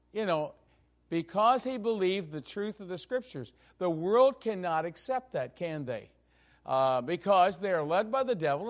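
Gravelly, higher-pitched preaching man. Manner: emphatic preaching with slow stressed phrases and frequent fillers. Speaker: pastor. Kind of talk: sermon.

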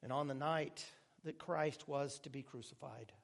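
Animated, joking male pastor preaching. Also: medium pitch, normal speed, vocal fry. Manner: animated preaching with joking asides, dropping to hushed tones. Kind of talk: sermon.

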